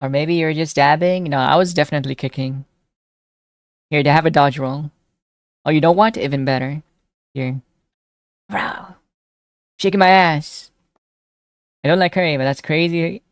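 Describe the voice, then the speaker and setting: A young woman live streamer chatting casually with her viewers, reading their messages aloud and reacting excitedly. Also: low-pitched, normal speed, long pauses, dry recording. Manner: chatty, reads chat aloud and answers it, excitable.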